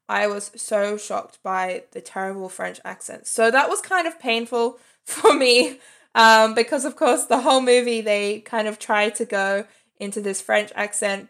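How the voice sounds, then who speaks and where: A woman in her thirties talks through a film she watched in a casual, open review. Her voice has a noticeable vocal fry, and she breaks into light laughs between points. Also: mid-range voice, fairly bright tone. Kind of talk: casual spoken movie review.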